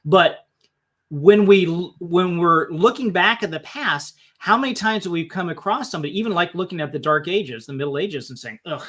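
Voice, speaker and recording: Host, a man with a fairly high voice, musing and thinking aloud on a live stream. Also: moderate pace, fairly bright tone.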